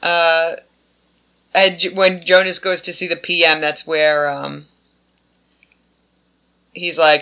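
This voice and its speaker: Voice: medium pitch, level tone, a little slow, pauses often, pushed and bright, clear, resonant tone. A podcast co-host in casual chat who rambles and slips into offhand character voices.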